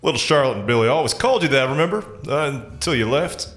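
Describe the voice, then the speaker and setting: A man's voice: medium pitch, animated, fast talker, fairly bright tone, close to an everyday voice. A man voicing a cheerful male farmer and family man who talks in a folksy, homespun way. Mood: jovial. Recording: roomy recording with faint music.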